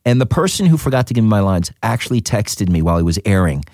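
A man, an actor, telling a story in a casual interview, animated and repeating words as he goes. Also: fast talker, no echo, studio quality. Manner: animated, jumps up in pitch acting out quotes, repeats words. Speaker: actor guest.

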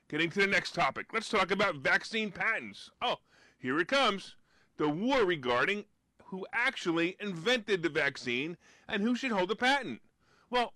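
A man from the United States hosting a live-streamed finance talk show, giving emphatic, sarcastic commentary that gets loud on his punchlines. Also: high-pitched, no room sound.

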